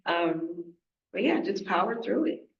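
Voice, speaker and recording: A woman, a toddler teacher on a parent panel, speaking in a relaxed, encouraging way. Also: lowish voice, a little slow. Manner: relaxed, encouraging, laughs easily. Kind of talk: conversational panel talk to parents. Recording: echoey room, muffled, faint noise.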